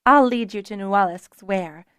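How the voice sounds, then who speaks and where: A woman voicing a brisk, no-nonsense housekeeper with a dry, fond manner. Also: mid-range voice, fairly bright tone, clean tone, dry recording, natural voice.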